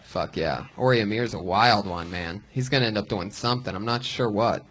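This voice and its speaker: Brash, forceful comedy host. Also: male voice, fairly low pitch, brisk, husky. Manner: brash, profane roasting. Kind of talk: live comedy show banter.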